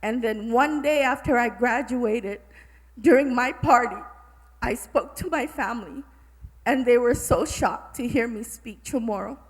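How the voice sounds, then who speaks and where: A woman's voice: fairly high pitch, unhurried, husky. A woman from Guam who teaches middle school, speaking from the audience in a heartfelt, apologetic way. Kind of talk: audience remarks at a symposium. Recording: long hall reverb.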